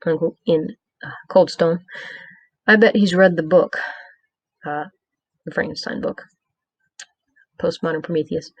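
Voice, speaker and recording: A woman with a fairly low, darkish voice reads her own episode review aloud from a script, with small hesitations. She sums up the plot and drops wry, joking asides along the way; the recording is dry and muffled.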